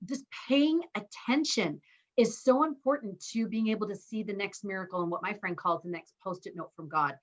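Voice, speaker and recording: A woman's voice: mid-range voice, moderate pace. A woman hosting an interview, speaking in an enthusiastic, reflective way. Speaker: podcast host, interviewer. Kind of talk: interview conversation. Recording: dull lo-fi audio.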